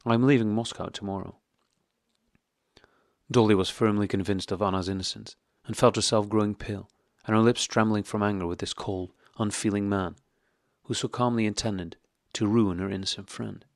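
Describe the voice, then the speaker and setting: Male narrator, low voice, dry close sound, calm classic-novel audiobook read. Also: fairly quick, creaky, dry recording.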